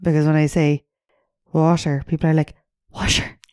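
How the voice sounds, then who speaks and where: A woman's voice: sits low, flat delivery, fairly quick, warm tone, dry recording, studio quality. An Irish woman in her thirties co-hosting a podcast, teasing and laughing often in casual chat. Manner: giggly, teasing. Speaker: podcast co-host.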